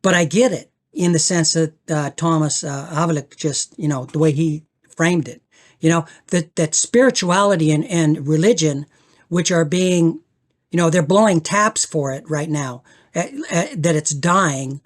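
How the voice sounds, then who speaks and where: An older man, a guest on a spiritual podcast, talking reflectively and earnestly, often restarting and repeating words as he searches for them, slowing for emphasis and swelling when moved. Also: a little high.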